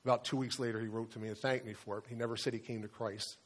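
Guy preaching, earnest and confessional, trips over his words a lot, middle pitch. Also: little pitch movement, fast. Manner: earnest, confessional storytelling with frequent restarts. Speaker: pastor. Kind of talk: sermon. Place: church sanctuary.

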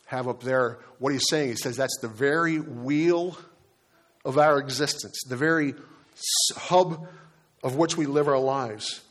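A man preaching a sermon in a relaxed, conversational way, with frequent fillers and repeated words. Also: mid-range voice, a little slow. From Delaware, United States. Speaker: pastor.

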